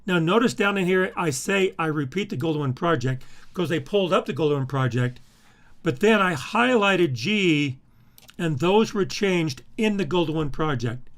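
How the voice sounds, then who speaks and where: A middle-aged man lecturing over a screen recording, pausing with "uh" and repeating words as he clicks through files. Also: fairly high pitch. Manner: halting, repeats words and fills with uh while navigating files. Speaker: instructor.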